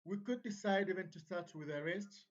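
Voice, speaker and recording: A woman's voice: fairly low pitch, lively intonation, moderate pace, muffled recording. A woman teaching a music revision lesson, counting beats aloud and chanting rhythm syllables.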